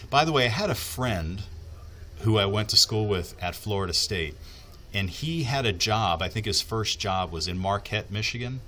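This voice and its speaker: A man's voice: fairly low pitch, lively intonation, moderate pace, sharp tone, a little hiss or hum. A man working as a TV meteorologist, explaining the weather in a casual, chatty way, with asides and fillers as he thinks aloud.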